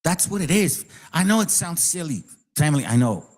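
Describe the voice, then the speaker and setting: A man's voice: a little high, sing-song, brisk. A man hosting his channel, giving a heated, profane and sarcastic ranting commentary. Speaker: channel host.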